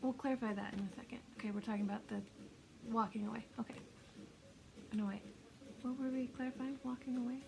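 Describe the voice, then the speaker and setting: A woman giving a casual intuitive tarot reading, chatty and self-mocking, laughing often and sometimes dropping into soft whispers. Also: fairly high pitch, steady tone, fast talker, gravelly, long pauses, noisy background. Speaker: tarot reader.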